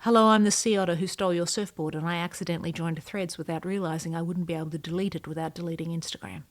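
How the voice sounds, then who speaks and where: A woman's voice: lowish voice, fairly even intonation, fast, pitched below the performer's own voice, natural voice. Earnest lady sea otter posting personal ads, read straight by a woman. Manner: earnest first-person reading.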